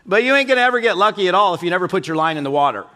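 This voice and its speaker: A middle-aged man giving a motivational keynote, telling folksy stories in an animated way and acting out the people he quotes. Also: high-pitched, racing. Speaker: keynote speaker. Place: conference stage.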